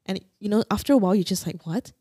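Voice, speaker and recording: A young woman from Singapore calmly and candidly telling a painful personal story as a podcast guest. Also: medium pitch, racing, no echo, studio quality. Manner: candid, quietly recounting painful memories.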